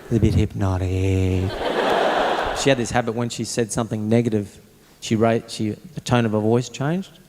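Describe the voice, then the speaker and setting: Deadpan Australian man telling stories. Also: on the low side, moderate pace, in a large hall. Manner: dry, exasperated storytelling with deadpan asides. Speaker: stand-up comedian. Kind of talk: stand-up storytelling. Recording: loud background noise, stand-up clip.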